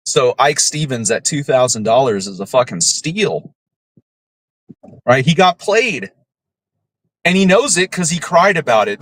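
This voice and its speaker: A man's voice: fairly high pitch, a bit bright, rough recording. A man hosting a podcast, delivering a profane, scornful rant and ending his points with "right?". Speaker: podcast host. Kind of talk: ranting commentary.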